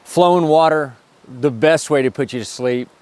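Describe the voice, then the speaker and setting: A man's voice: a little high, moderate pace, darkish tone, clear, resonant tone. Upbeat man vlogging outdoors. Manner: upbeat, enthusiastic, jokey. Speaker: travel vlogger. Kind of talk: casual travel vlog to camera. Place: outdoors at a campsite by flowing water.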